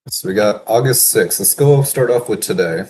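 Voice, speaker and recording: A man in a casual solo work session, thinking aloud and reading quotes slowly, chuckling to himself now and then. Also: on the low side, darkish tone, a little hiss or hum. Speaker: business consultant reading daily quotes.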